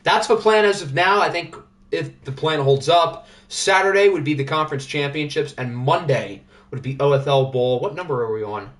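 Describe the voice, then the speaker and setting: A man's voice: a little high, normal speed, a bit bright. Chatty male sim-league stream host. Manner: chatty, joking, thinks aloud. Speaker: livestream host. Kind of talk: casual sports sim commentary.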